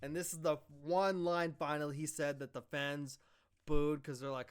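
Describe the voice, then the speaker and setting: A man's voice: a little high, normal speed, smooth. A man casually recapping a wrestling show, rambling, swearing and acting out quoted lines. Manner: rambling, profane, animated retelling with quoted lines.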